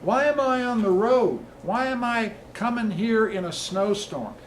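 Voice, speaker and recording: A man and politician giving a rousing campaign speech and answering questions, stacking emphatic lists that build to loud peaks. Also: high-pitched, unhurried, slight background noise, rough recording.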